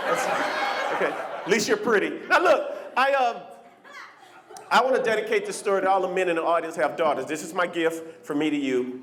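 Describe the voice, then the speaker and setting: A male stand-up comedian works a club stage in an animated, teasing way. His voice is high for a man and leaps all over the place.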